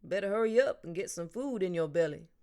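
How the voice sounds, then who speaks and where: A woman's voice: fairly low pitch, expressive, a little fast, warm tone, natural voice. A woman reading an audiobook, voicing a friendly older man who loves to tease and talks in an easy, joking drawl. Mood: teasing.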